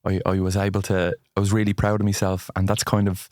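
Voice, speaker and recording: A Dublin-born comedian guesting on a podcast, chatty and self-mocking with quick asides. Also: male voice, sits low, monotone, a little mellow, no room sound, clean studio sound. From Dublin, Ireland. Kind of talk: casual chat.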